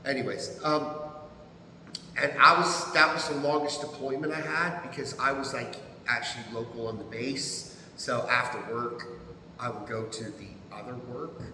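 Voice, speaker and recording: A man in his fifties with an American accent, a podcast guest telling stories in an animated, profane way and laughing often. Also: mid-range voice, moderate pace, a little hiss or hum. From United States. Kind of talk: casual storytelling. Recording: echoey room.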